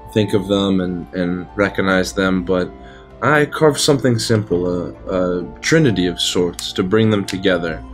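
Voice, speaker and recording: A man in a tabletop game, speaking in character, earnest and often laughing. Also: lowish voice. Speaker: tabletop player.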